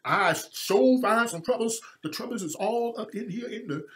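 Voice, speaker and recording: A man's voice: high voice, moderate pace, a bit bright, voice pushed up. A man voicing a mocking caricature of an enslaved woman, with an exaggerated drawling delivery.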